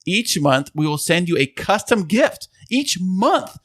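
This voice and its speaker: Male co-host with a lively, bouncing pitch-man read and a dry close mic. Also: normal speed, dry recording. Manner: upbeat, pitchman-like delivery. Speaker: podcast co-host. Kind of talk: casual chat, playful sales pitch. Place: home studio.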